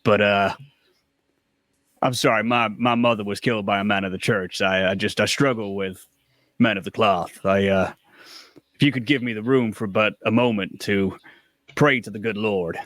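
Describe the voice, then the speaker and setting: A man's voice: on the low side, moderate pace, dry recording, clean studio sound, pitched below the performer's own voice, lightly acted. A man voicing a sly male gambler who puts on a pious, sorrowful show, pleading theatrically.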